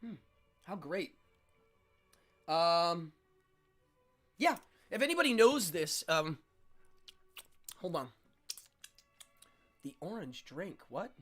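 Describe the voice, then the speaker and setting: A man's voice: a little high, sing-song, slow, pauses often, fairly bright tone, faint music behind. A man in his forties hosting a casual livestream, chatting with viewers and eating between sentences. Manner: chatty, eats between lines. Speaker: livestream host.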